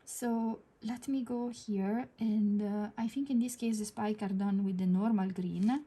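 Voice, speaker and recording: A woman with an Italian accent talking through a drawing tutorial, soft-spoken and hesitant with many fillers, sometimes dropping to a near whisper as she works. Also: mid-range voice, steady tone, a little slow, few pauses, husky. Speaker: digital art tutor.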